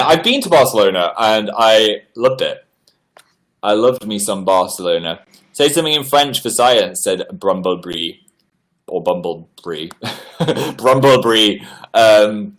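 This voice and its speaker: Chatty man reading out live chat. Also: measured pace. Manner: chatty, animated, reads messages aloud with upward-jumping pitch. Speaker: livestream host. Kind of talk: casual livestream chat reading viewer comments. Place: indoors at home.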